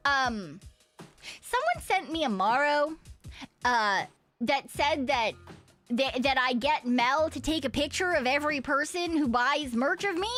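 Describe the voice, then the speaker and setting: A woman's voice: high voice, a bit bright. A woman streamer chatting casually with viewers, rambling, giggling often and swearing freely. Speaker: VTuber streamer. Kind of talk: casual stream chat reading viewer messages.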